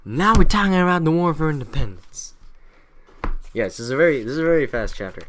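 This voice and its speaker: A young man hosts a podcast from a home mic, casually recapping history for laughs in an irreverent, profane way and dropping into slangy mock voices. His voice sits a little high and comes across animated, quick, and fairly bright, with a slight hiss or hum in the recording.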